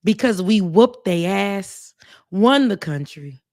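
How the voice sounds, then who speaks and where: A woman's voice: mid-range voice, slow, dry recording. Woman, podcast co-host, from Haiti, casual opinion talk, dry close sound. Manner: animated, opinionated, mocking.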